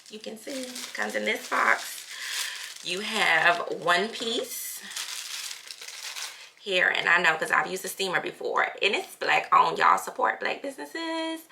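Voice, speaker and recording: A woman vlogging at home in a chatty, lively way, full of slang and casual fillers. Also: mid-range voice, gravelly, noisy background. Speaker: family channel vlogger. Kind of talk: casual chat vlog.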